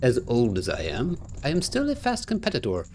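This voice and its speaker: A man reading out the lines of a polite, formal old plant-creature butler from a video game, slowly and plainly. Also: mid-range voice, huge pitch swings, darkish tone, slight background noise.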